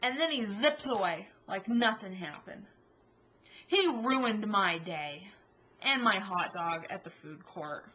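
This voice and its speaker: A young adult woman telling a story in a casual vlog, animated and exasperated. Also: medium pitch, slow, highs cut off. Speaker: vlogger.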